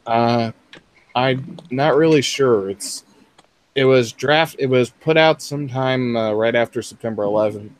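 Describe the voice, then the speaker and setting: A man's voice: medium pitch, unhurried, low-quality recording. A man in his twenties chatting casually with friends on a stream, hesitant and often restarting his sentences. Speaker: stream guest.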